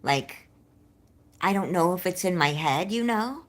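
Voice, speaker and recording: A woman with a slightly low voice talks openly to viewers on a livestream. Her speech has a slight nervous lisp, and she rambles, circling back on her own doubts as she goes. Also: animated, a little slow. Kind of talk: candid livestream chat.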